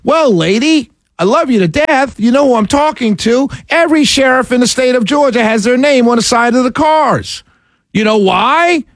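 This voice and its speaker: A man's voice: extremely high pitch, moderate pace, dry recording, studio quality. A man hosting a radio talk show, ranting in an incredulous, sarcastic way. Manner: animated, incredulous, ranting with sarcastic quoted voices and laughs. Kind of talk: opinionated radio monologue.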